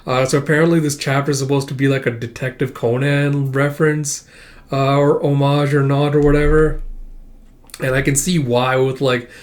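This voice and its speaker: A man's voice: medium pitch, flat delivery, normal speed. Rambling man reading a manga aloud. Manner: rambling, laughing, with swearing asides. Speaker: manga reviewer. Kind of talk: casual reading and commentary.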